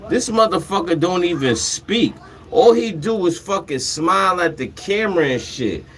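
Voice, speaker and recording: A man's voice: high-pitched, normal speed, a little hiss or hum. A man hosting a livestream, casually retelling a dispute with lots of swearing and acted-out back-and-forth. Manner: animated, swears freely, retells conversations. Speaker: livestream host. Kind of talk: casual profane storytelling.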